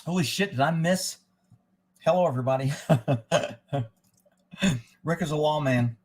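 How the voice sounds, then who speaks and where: A man's voice: a little high, takes it slowly. A man hosting a casual live stream, ranting sarcastically and muttering as he reads aloud and answers chat. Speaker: livestream host.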